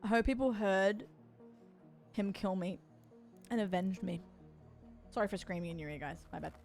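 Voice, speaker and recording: A woman's voice: medium pitch, normal speed, gravelly, pauses often, a little mellow, faint music behind. A young woman streaming a game, chatting casually with viewers, reacting aloud and swearing now and then. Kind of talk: casual gaming stream chat.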